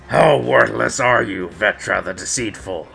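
A man voicing a menacing male evil lord who talks slowly and mockingly. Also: lowish voice, vocal fry, bright, forceful tone, voice pushed down, full character voice. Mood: contemptuous. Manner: sneering, slow and mocking.

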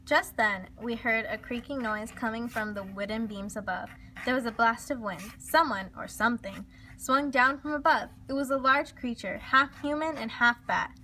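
Woman, storybook read-aloud, lively, expressive, fairly high voice. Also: normal speed, slight background noise. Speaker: storybook reader.

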